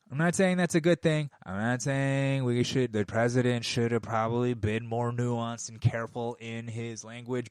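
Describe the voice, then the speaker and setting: A middle-aged man in his forties ranting into a microphone, heated and profane. His pitch sits in an ordinary middle range. The sound is dry and close, with no room echo. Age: 40s. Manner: profane, heated, swears constantly. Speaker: podcast host. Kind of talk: casual rant. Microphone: studio microphone.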